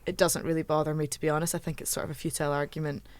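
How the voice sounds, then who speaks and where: A Scottish woman hosting a casual podcast chat, chatty and quick to laugh at herself. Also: low voice, level tone, darkish tone, dry recording. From Scotland. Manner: chatty, laughs often, self-mocking asides. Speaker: podcast host.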